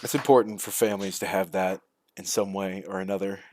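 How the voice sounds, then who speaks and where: A man's voice: low voice, fairly even intonation, a little fast, a little mellow, slight background noise. A man chatting as a guest on a live-streamed podcast, joking and mocking himself. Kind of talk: casual chat.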